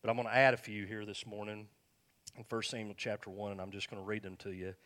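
A man's voice: fairly low pitch, flat delivery, fast talker, fairly bright tone. A man preaching a conversational sermon, repeating himself and checking in with his listeners. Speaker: pastor.

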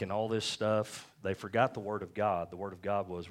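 A man's voice: fairly low pitch, fairly even intonation, normal speed, hardly any pauses, a bit bright. A male pastor preaching a sermon in a conversational way, often checking in with the congregation. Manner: conversational preaching, frequent "all right?" check-ins.

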